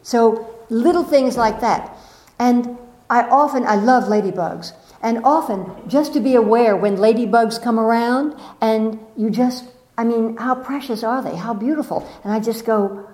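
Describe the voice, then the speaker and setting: A woman giving a gentle, affectionate inspirational talk to a live audience as a spiritual teacher, often repeating key words. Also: mid-range voice, moderate pace. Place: warm room full of listeners. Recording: roomy echoing room.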